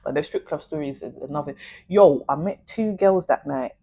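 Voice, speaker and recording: A young woman, talking straight to her viewers in a casual, animated storytime full of slang. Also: low voice, normal speed, husky. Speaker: vlogger.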